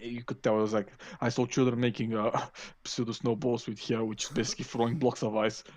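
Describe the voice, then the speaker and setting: A man's voice: medium pitch, brisk. Rambling, swearing podcast guy. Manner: rambling, profane, animated storytelling. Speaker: podcast co-host. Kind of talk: casual chat, storytelling.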